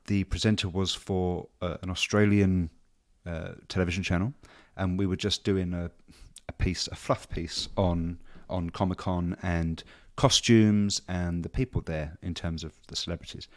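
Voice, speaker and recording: A man with a very low, deep voice chats on a podcast. He tells stories in a loose, rambling way, full of ums and restarts. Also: steady tone, normal speed, few pauses. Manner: rambling anecdotal storytelling with many fillers. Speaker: podcast co-host. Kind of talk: casual chat.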